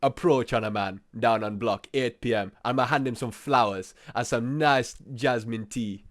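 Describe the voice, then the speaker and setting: A man's voice: mid-range voice, moderate pace, natural voice. A man doing a put-on Jamaican accent, playing a jokey roadman giving sat-nav directions. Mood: soothing.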